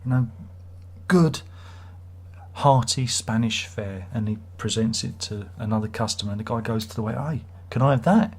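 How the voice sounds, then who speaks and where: Husky man chatting live. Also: fairly low pitch, fairly even intonation, normal speed. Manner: rambling, jokey, self-mocking. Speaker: live-stream host. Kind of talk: casual live chat reading viewer comments.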